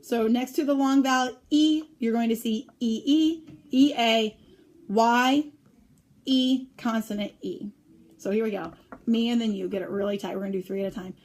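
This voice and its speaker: A woman teaching a phonics lesson on syllable types, speaking clearly and drawing out the example words slowly. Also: fairly high pitch, darkish tone.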